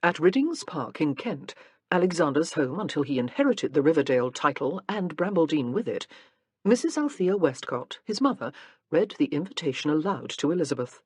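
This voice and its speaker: A woman reading a historical romance audiobook in measured storytelling narration. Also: low-pitched, sing-song, darkish tone, husky, no echo, studio quality. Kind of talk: scripted narration.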